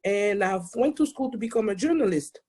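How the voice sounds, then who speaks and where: Invited to speak, this woman in her 40s tells her personal testimony in a thick Haitian accent. She has a medium-pitched, husky voice and an excitable manner, laughing readily.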